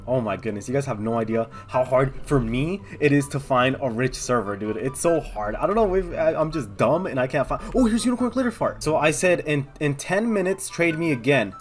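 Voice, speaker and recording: Excitable fast-talking young man gaming. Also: fairly high pitch. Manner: excitable, talks to viewers, thinks aloud. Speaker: gaming video host. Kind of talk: casual gameplay commentary.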